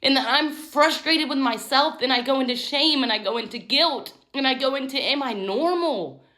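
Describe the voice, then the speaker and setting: Emotional high-voiced woman vlogger. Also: brisk, pushed and bright. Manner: candid, emotional, confessional. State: tearful at times. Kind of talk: emotional personal vlog.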